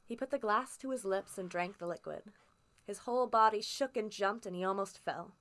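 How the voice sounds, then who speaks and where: A woman's voice: mid-range voice, moderate pace, a bit bright. Woman narrating a classic novel. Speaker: audiobook reader. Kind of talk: first-person story narration.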